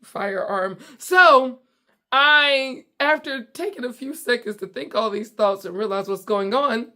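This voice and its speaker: A woman from the United States who hosts a comedy show, telling a story in casual, animated chat from her home basement and often breaking off mid-sentence. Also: fairly high pitch, a little slow.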